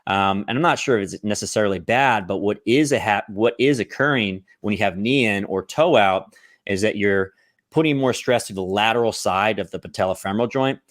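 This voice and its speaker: Guy with a lowish voice explaining squats, keeps saying right and okay, dry sound. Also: dry recording. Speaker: fitness coach. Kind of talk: explaining exercise technique.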